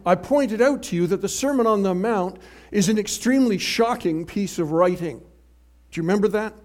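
A man delivering a sermon with a fairly high voice. He preaches emphatically, swinging between loud, driving passages and hushed ones.

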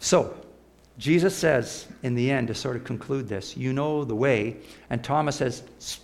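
A man preaching a sermon, animated, piling up words and dropping to a soft hush for emphasis. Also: medium pitch, measured pace, vocal fry.

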